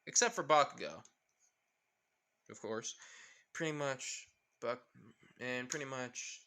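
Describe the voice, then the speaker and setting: A young man retelling a fan story off the top of his head, rambling and backtracking as he goes. His voice is bright and forward, at an ordinary mid pitch. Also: slow, a little hiss or hum. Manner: rambling, full of fillers and restarts. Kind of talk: casual improvised story retelling.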